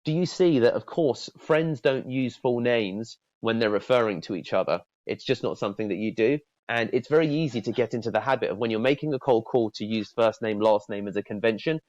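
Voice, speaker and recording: A man's voice: medium pitch, brisk, hardly any pauses, darkish tone, dry recording, highs cut off. A man teaching cold-calling technique in a casual spoken lesson. He often repeats words and acts out friendly phone openers in a lifted voice. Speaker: sales trainer. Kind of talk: casual spoken training talk.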